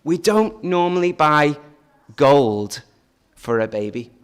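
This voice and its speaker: Jokey pastor, slightly high voice. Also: male voice, sing-song, slow, clear, resonant tone. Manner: chatty, jokey, asks children questions. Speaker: pastor leading a family service. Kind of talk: informal family service talk.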